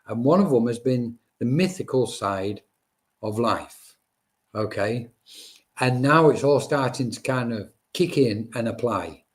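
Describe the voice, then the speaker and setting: A man giving spirit readings on a live stream, speaking in a chatty, reassuring way. He calls out to viewers by name as he talks. His voice sits in an ordinary middle pitch. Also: lively intonation, unhurried. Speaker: medium.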